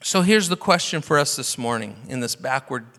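Preaching as pastor, this man is passionate and asks many rhetorical questions, speaking at normal speed in a medium-pitched, slightly bright voice with lively intonation. Long hall reverb fills the church sanctuary recording.

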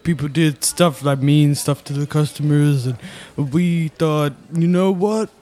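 A woman playing a cafe owner who keeps up a gruff movie-star impression, defensive. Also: sits low, a little slow, warm tone. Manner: growling impression, defensive, repeats words. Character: female cafe owner mimicking Stallone, gruff, touchy. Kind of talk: sketch comedy.

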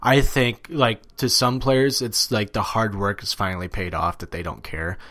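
A young man chatting casually about sports as a podcast co-host, animated and swearing freely, with plenty of fillers. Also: lowish voice, moderate pace.

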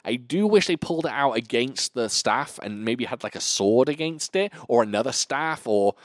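A man's voice: mid-range voice, animated, moderate pace, dry recording, studio quality. A man hosting a podcast, chatting casually and enthusiastically about kung fu films, swearing freely. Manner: enthusiastic, swears often, lists titles. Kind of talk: casual chat.

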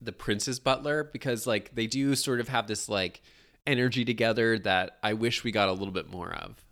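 A man's voice: on the low side, normal speed, fairly bright tone. A man co-hosting a casual movie podcast, chatty and full of filler likes, laughing often. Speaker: podcast co-host. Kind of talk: casual movie review chat.

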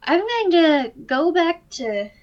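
A woman's voice: very high-pitched, big pitch swings, takes it slowly, dull audio. A woman co-hosting a casual podcast, teasing and playful as she chats about comedy sketches. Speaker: podcast co-host.

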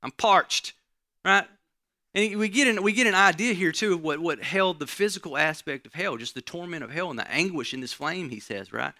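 A man preaching a sermon in a gravelly, bright voice. He teaches in a conversational way and keeps checking in with his listeners. The sound is dry and close. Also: fairly high pitch, animated, a little fast, no echo. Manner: conversational teaching, frequent "right?" asides.

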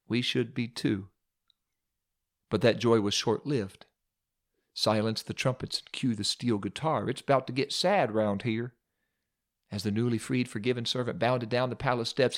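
Male preacher, dramatic sermon storyteller with wry asides. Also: mid-range voice.

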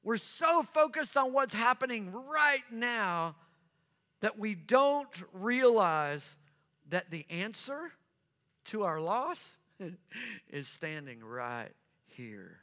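Slow, bright-voiced male preacher. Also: high-pitched, very animated. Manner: earnest storytelling, repeats phrases for emphasis. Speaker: pastor. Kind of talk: sermon. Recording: long reverb of a large hall.

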